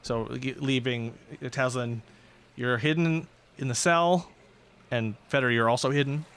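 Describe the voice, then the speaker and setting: A man's voice: mid-range voice, measured pace, a bit bright, clean tone. A man narrating as game master of a tabletop game, casual and self-deprecating, laughing easily.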